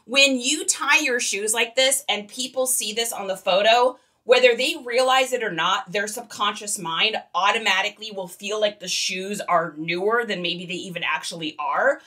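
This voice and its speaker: A woman's voice: medium pitch, moderate pace, few pauses, pushed and bright, distant mic. A woman leading a casual livestream tutorial, chatty and giggly, and talking straight to her viewers. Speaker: online reseller teaching on a livestream.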